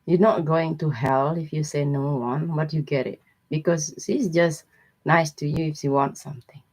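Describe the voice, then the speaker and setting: A woman's voice: deep voice, steady tone, moderate pace, darkish tone. A woman hosting a tarot live stream. She chats casually with viewers, telling everyday stories in broken English and answering people by name. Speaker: tarot reader host.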